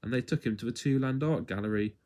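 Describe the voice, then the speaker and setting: A man reading a children's story aloud at home in an expressive, playful way. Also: mid-range voice, fast.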